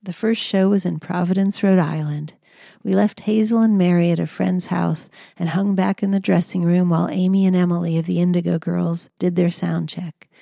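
A woman tells her own story in a calm, measured audiobook reading. Her voice sits low and mellow with a gravelly edge, and the dry booth recording keeps it close and plain. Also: no echo. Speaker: memoir narrator. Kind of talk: audiobook memoir narration.

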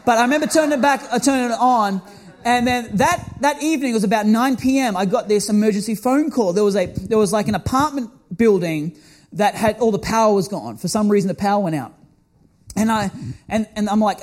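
A man with a strikingly high voice preaches to his congregation. He tells stories in a lively, self-mocking way, speeding up in bursts and laughing at himself. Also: quick pace. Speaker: pastor. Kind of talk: storytelling sermon.

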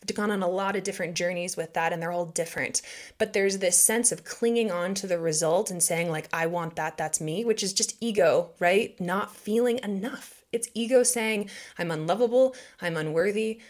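A woman's voice: fairly low pitch, normal speed. Reflective woman musing on spirituality. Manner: reflective, frequent "like" and "right?", acts out quoted voices. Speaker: podcast host. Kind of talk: casual spiritual talk.

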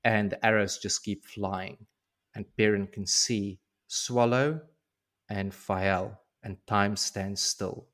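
A man co-hosting a podcast, casually recapping a book chapter as an animated, slangy storyteller. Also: on the low side, slow. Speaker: podcast co-host.

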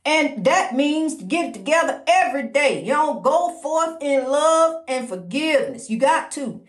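A woman's voice: high voice, lively intonation, normal speed. A middle-aged woman hosting her own podcast, talking casually about faith in a folksy, preachy way, calling the listener honey. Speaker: podcast host. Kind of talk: casual spiritual talk. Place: indoors at a lighthouse, roomy. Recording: roomy echo.

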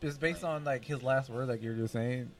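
A man talks casually in a group podcast, animated and opinionated and full of fillers. The recording sounds like it was made at a comic shop event. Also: mid-range voice, brisk. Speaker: podcast co-host. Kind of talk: casual chat.

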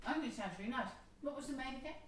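A woman's voice: sits high, animated, rapid-fire, slight background noise. A middle-aged woman, a parent in a casual family chat, easily amused and laughing along. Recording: roomy, distant mic, faint clatter.

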